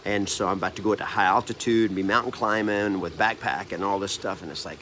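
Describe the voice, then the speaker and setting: Low-voiced man telling a personal story. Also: fairly even intonation, fast talker, hardly any pauses, fairly bright tone, slight background noise. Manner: earnest and rambling, with frequent restarts and self-corrections. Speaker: real estate trainer and coach. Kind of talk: personal story and motivational talk to camera.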